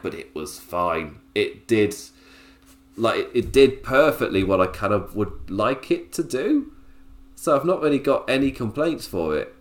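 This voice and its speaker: Guy rambling about a wrestling show, laughs a lot, roomy echo. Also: medium pitch. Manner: chatty, laughs often, lots of fillers. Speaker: wrestling podcaster. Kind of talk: casual show review.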